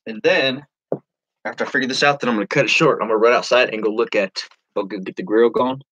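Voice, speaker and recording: A man's voice: mid-range voice, fast, a bit bright, highs cut off. A man chatting casually on a live stream as an online reseller, rambling to viewers and reading their comments aloud.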